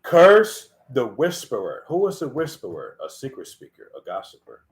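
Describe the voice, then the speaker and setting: A man's voice: medium pitch, huge pitch swings, moderate pace. A man giving an informal sermon, scolding and emphatic, repeating himself and swearing freely as he lectures his listeners. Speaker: lay preacher. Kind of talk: casual preaching.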